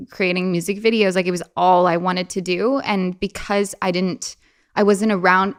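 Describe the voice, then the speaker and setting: Speaking with vocal fry, a young woman appears as a lively, chatty interview guest. When she quotes people, she frequently adopts a playful high voice.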